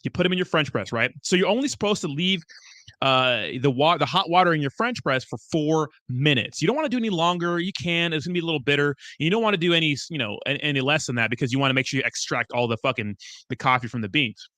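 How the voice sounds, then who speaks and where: A man's voice: fairly high pitch, animated, quick pace, sharp tone, no room sound, clean studio sound. A young man hosting a crypto livestream, chatting casually, reading viewer comments and rambling with lots of swearing. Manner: profane, rambling, loose and chummy.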